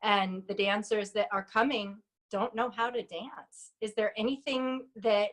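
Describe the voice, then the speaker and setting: Woman asking measured interview questions. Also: medium pitch, fairly even intonation.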